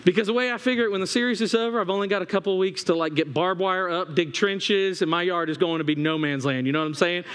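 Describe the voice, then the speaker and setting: High-voiced pastor in a reverberant hall. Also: male voice, fast talker, hardly any pauses, slight background noise. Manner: animated, humorous storytelling. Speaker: assistant pastor. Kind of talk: sermon. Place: church sanctuary. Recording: long hall reverb in church.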